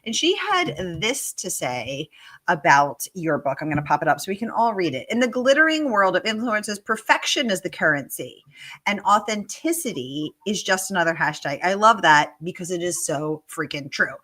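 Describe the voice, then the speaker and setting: A bright, forward-sounding woman hosts a livestreamed book Q&A. She gushes warmly over praise and reads viewer questions aloud, keeping things bubbly. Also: on the low side, big pitch swings, moderate pace. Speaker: host. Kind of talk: livestream author Q&A.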